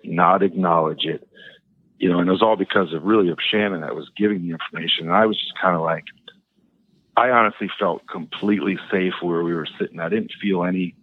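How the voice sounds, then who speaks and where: A man's voice: sits low, slightly rough, no echo. A man calling in to a talk show, telling a personal story in a hesitant, rambling way full of fillers and restarts, heard over a tinny phone line. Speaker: caller.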